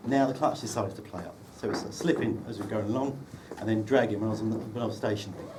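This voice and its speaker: In a lowish voice and at a fast pace, a man teases the groom during an indoor wedding reception. His speech relies on dry storytelling and well-timed comic anecdotes. A distant microphone captures it over loud background noise from the room.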